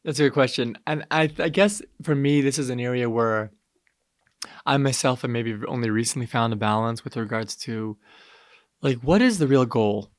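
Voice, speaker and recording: A man's voice: medium pitch, normal speed, no room sound, clean studio sound. A man talking as a podcast guest in a casual, reflective way, full of "like"s. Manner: reflective, hedging with many "like"s. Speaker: podcast guest, wellness practitioner.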